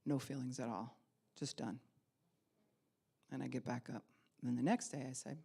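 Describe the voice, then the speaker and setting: A middle-aged woman pastor delivering a sermon as a personal story. She is animated and acts out the voices she remembers as she tells it. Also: rumbling low, moderate pace, pauses often, breathy edge.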